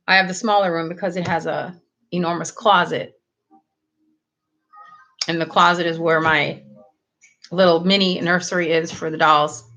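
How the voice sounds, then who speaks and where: A woman's voice: on the low side, pushed and bright, low-quality recording. A middle-aged woman hosting a casual live chat with viewers, rambling and laughing often. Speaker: livestream host.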